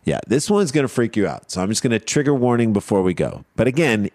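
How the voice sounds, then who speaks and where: Male podcast co-host, mid pitch, playful storyteller, dry booth sound. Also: fast talker, dry recording. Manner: animated storyteller, wry asides. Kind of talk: casual comedic chat.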